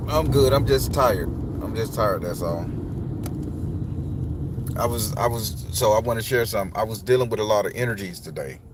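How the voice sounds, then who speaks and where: A man's voice: on the low side, moderate pace. A man ranting casually to his viewers, rambling with repeated restarts and plenty of swearing. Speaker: spiritual tarot vlogger. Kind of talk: casual profane rant to viewers. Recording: outdoor street noise with cars.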